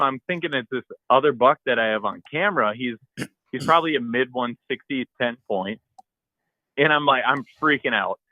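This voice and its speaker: A man and podcast co-host telling a hunting story in a casual, animated way, acting out his own shouts and the texts he got. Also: mid-range voice, normal speed, no echo, rough recording.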